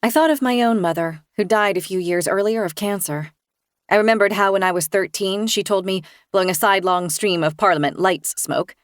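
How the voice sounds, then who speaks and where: A woman reading a first-person thriller as an audiobook narrator, in a measured, even storytelling manner. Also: medium pitch, dry recording, studio quality.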